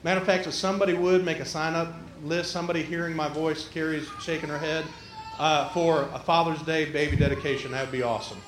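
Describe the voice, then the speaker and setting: A pastor delivers a folksy, conversational sermon in a church sanctuary, his voice echoing through the roomy space. He speaks fast in a slightly high, steady tone.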